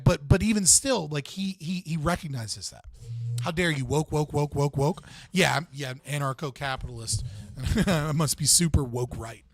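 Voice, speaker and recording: A man's voice: medium pitch, dry recording. A man hosting a live stream, casually reacting to clips in a rambling way with lots of fillers and frequent laughs.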